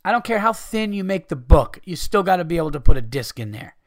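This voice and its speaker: A man's voice: fairly high pitch, sing-song, fast talker, no echo, clean studio sound. A man hosting a podcast, ranting in a profane, exasperated way. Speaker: podcast host. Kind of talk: casual ranting monologue.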